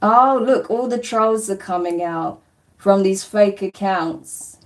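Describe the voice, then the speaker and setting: Speaking slowly at a medium pitch, a woman hosts a spiritual live stream and chats casually while reading out comments. She's dismissive and blunt, swearing and laughing often, with a distant mic that catches faint background noise.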